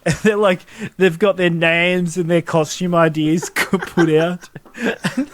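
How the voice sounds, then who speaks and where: A man's voice: high voice, slow pace, no room sound. A man co-hosting a podcast, chatting casually and retelling a story with frequent laughs. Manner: animated storytelling, laughing often. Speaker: podcast co-host. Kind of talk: casual chat.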